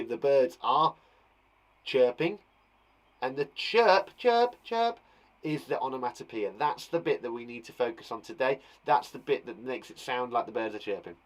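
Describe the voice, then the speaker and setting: A man teaching young children online, chatty and thinking aloud as he acts out the sounds of words. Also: mid-range voice. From England. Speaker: primary school teacher.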